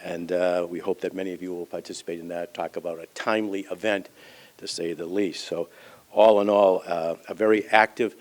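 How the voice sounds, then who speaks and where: A man hosting a breakfast forum, giving measured announcements and an introduction with frequent fillers. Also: low-pitched, little pitch movement. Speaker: event host. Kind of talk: formal event announcements.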